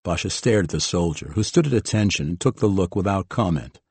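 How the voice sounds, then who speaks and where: Male audiobook reader, lowish voice, dry close sound, measured delivery. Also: expressive, darkish tone, husky, no echo. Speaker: audiobook narrator. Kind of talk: scripted narration.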